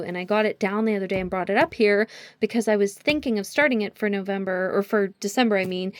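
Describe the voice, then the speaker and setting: A young woman vlogging about books in a casual, bubbly chat as she walks through her home, giggling often and saying "like" a lot. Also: mid-range voice. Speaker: book vlogger. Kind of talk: casual chat while walking around the house. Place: at home, moving between rooms.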